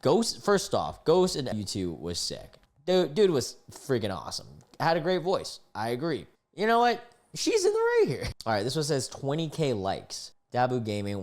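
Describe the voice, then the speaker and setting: A man's voice: lowish voice, a little mellow. A man in his twenties reading online posts aloud and reacting with exasperated, disgusted outbursts. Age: 20s. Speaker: online commentator.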